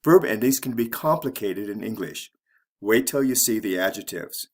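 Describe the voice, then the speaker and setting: A man teaching an English pronunciation lesson, spelling out word endings letter by letter in a measured, deliberate way. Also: on the low side, expressive. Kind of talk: slow scripted grammar lesson.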